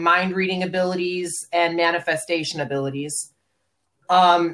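A woman's voice: lowish voice, fairly bright tone. A woman in a casual podcast chat, explaining a character backstory at length with frequent ums. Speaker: podcast guest.

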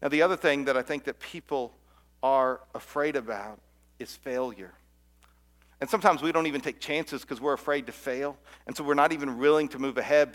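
A man's voice: medium pitch, a bit bright. A middle-aged man preaching a Christmas sermon as a pastor, earnest, often repeating words and dropping to a near-whisper at key lines.

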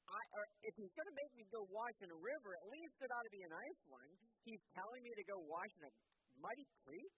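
A man's voice: sits high, big pitch swings, a little fast, hardly any pauses, a bit bright, a little hiss or hum, pitched above the performer's own voice, low-quality recording. A man voicing a proud, entitled male army commander in a retold story. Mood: indignant. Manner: indignant, demanding.

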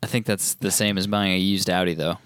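A man's voice: deep voice, steady tone, brisk, a bit bright, clear, resonant tone, no echo. A man co-hosting a casual car podcast, explaining things in a matter-of-fact, skeptical way. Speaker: podcast co-host. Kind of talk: casual chat.

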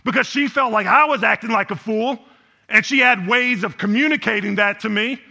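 A man's voice: sits high, normal speed, creaky, pushed and bright. A man preaching a sermon in a conversational way, often tossing rhetorical questions to the congregation. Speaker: pastor.

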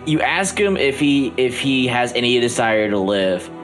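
A man's voice: mid-range voice, sing-song, fairly bright tone. Guy gm narrating a tabletop game over a call, keeps restarting, bit of music under it. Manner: halting, lots of restarts and fillers. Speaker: game master.

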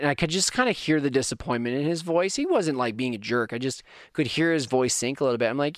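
A man in his thirties from Canada, telling a personal story to his viewers in a casual, animated, self-deprecating way. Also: medium pitch, fast talker, few pauses, dry recording, studio quality.

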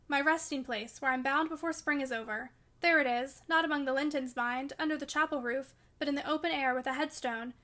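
A woman's voice: high-pitched, fairly bright tone. A woman reading as a feverish, passionate young woman, raving and fierce in a storybook reading. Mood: angry.

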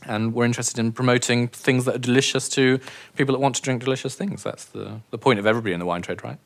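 A man's voice: mid-range voice, steady tone, fast talker, creaky. A man, a wine auctioneer, chatting as an interview guest, joking and laughing often at himself. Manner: jokey, self-mocking, laughs often. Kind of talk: casual interview chat.

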